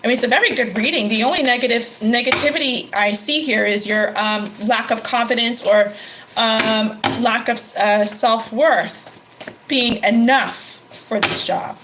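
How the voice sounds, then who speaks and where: Tarot reader, woman, middle-aged, a bit high-pitched, emphatic and repetitive, faint hiss behind. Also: a little slow. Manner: emphatic, repeats phrases, exclaims. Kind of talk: tarot reading to camera.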